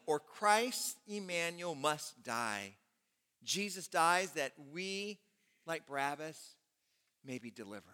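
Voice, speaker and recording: A male pastor preaching a sermon in a church, retelling scripture dramatically with loud peaks and hushed drops. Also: a little high.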